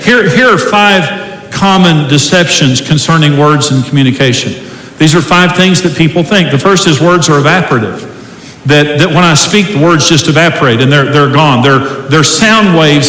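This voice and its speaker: A middle-aged pastor with a slightly high, fairly bright voice preaches a sermon at a moderate pace, quoting scripture to a large church hall in an emphatic, preacherly style. The recording is echoey, with faint ambience from the hall.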